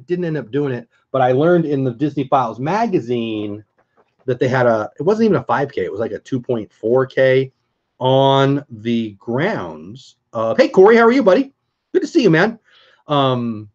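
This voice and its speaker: Casting: enthusiastic male vlogger, mid pitch, chatty livestream host, slightly dull lo-fi audio. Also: a little mellow. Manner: chatty, enthusiastic, greets chat viewers by name. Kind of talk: casual livestream chat.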